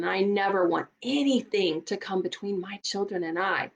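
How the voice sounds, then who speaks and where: At normal speed and a mid-range pitch, a creaky-voiced middle-aged woman who coaches people through divorce speaks earnestly and emphatically. Her motivational talk often repeats words to stress them.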